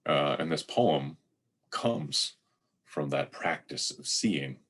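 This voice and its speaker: A man delivering a sermon in a measured, reflective way, slowly reading poetry aloud. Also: rumbling low, expressive, a bit bright, husky. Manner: measured, reflective, reads verse slowly and deliberately. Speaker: lay preacher giving a sermon.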